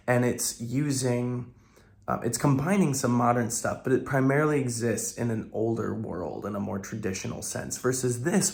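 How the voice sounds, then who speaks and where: Tired, gravelly-voiced man musing. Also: mid-range voice. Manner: thoughtful, halting, with many fillers and restarts. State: tired early-morning voice. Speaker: reaction video host. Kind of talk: casual video analysis.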